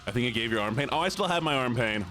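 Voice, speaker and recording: Male streamer, animated sing-song delivery, playful and teasing in casual chat. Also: mid-range voice, racing, faint music behind. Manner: playful, teasing, chatting with viewers. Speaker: live streamer. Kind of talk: casual live-stream chat while playing a game.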